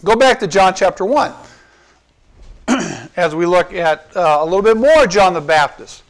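A pastor preaching a conversational sermon, asking his listeners rhetorical questions and slowing down to stress key points. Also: high-pitched, lively intonation. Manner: asks the congregation rhetorical questions, slows down for emphasis.

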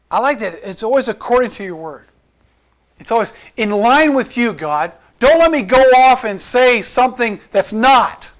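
A man's voice: very high-pitched, expressive, moderate pace. A man preaching a sermon in an earnest, conversational way, asking the congregation questions and quoting scripture. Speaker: pastor.

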